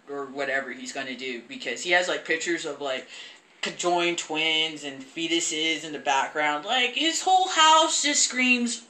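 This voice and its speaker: Young woman vlogger, casual rambling rant, bright tone, echoey room. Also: low-pitched, moderate pace. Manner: profane, rambling, animated. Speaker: film reviewer. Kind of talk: casual ranting review.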